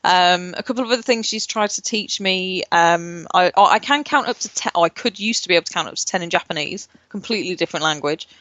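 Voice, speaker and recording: A woman's voice: on the low side, fast, hardly any pauses, fairly bright tone, dry recording, lo-fi sound. A woman co-hosting a casual podcast, rambling with lots of fillers and swearing freely. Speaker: podcast co-host. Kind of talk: casual chat.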